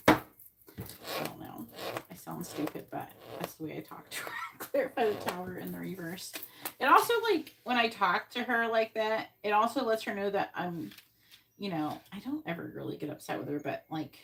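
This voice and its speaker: A woman's voice: fairly low pitch, background noise. Chatty woman reading tarot cards live. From Florida. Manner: chatty, thinks aloud between card pulls. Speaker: psychic reader.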